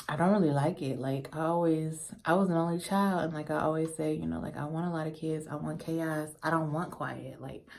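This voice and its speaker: A tipsy young woman with a low voice talks loosely through her makeup routine. She rambles, swears freely and throws playful insults between steps. Her voice sits deep for a woman. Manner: profane, rambling, playful trash talk. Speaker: beauty vlogger. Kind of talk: casual makeup tutorial chat.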